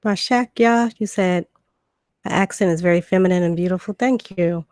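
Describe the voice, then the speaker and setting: A Southern woman from Virginia with a bit of Georgia twang talks casually on her live stream, full of ums and restarts. Her voice sits low for a woman, recorded dry and close on a desk computer mic. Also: normal speed, a little mellow, no echo. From Virginia and Georgia, USA. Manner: chatty, loose, many fillers and restarts. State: recovering from illness. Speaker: livestream host. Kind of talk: casual live stream talk, reading definitions.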